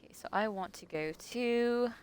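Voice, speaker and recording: A woman's voice: fairly high pitch, moderate pace, a little mellow, clean tone. A woman streaming a video game live, chatting casually to herself and her viewers and laughing often. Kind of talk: casual live gameplay commentary.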